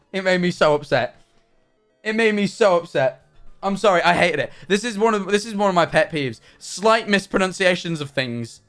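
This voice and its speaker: Animated ranting male streamer, high voice. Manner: animated ranting, frequent swearing. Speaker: livestreamer. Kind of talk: casual chat to stream viewers.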